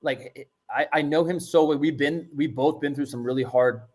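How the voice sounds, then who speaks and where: A man's voice: a little high, moderate pace, darkish tone. A young man, a comic book writer on as a guest, speaking earnestly and filling his talk with "like". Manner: earnest, heavy use of "like". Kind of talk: casual interview chat.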